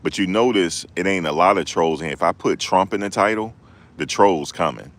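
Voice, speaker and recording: A man with an extremely deep, low voice talks loosely to his live-stream viewers. His delivery is laid-back and repetitive, full of street slang, like a rideshare driver chatting between rides. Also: moderate pace, a bit bright. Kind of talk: casual live-stream chat.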